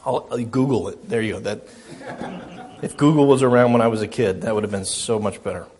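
A man's voice: fairly low pitch, fairly quick, darkish tone. A middle-aged man preaching a sermon as a pastor, earnest and self-deprecating, often repeating his phrases.

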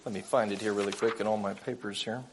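Earnest man preaching a gentle sermon. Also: fairly low pitch, steady tone, quick pace, background noise.

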